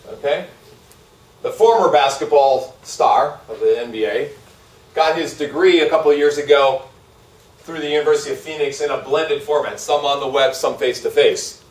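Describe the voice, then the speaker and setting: A man giving a live university lecture, animated and asking his audience questions. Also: mid-range voice, brisk. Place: lecture hall. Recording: echoey hall, speaker far from mic.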